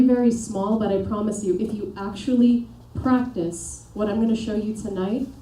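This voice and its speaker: A woman working as a performance coach, giving an energetic motivational seminar and pushing the audience with questions and commands. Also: medium pitch. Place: seminar room with a live audience. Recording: echoey room, voice picked up from a distance.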